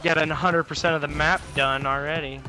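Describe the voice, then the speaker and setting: A man's voice: fairly high pitch, steady tone, a little fast, sharp tone. A man casually commenting on a video game playthrough, joking and swearing freely. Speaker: gameplay commentator. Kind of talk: let's play commentary. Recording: game audio with music underneath.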